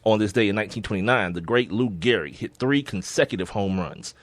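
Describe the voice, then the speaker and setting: A man co-hosting a sports podcast, talking in a relaxed, casual way and often laughing as he reads out sports history. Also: lowish voice, a little fast, dry recording. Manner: laid-back, laughs often, reads listings with slips. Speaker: podcast co-host.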